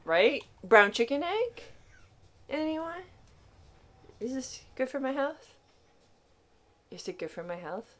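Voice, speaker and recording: A woman giving panicky, excitable commentary while playing a video game for the first time, laughing often. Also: high voice, slow, long pauses. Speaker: gaming channel host.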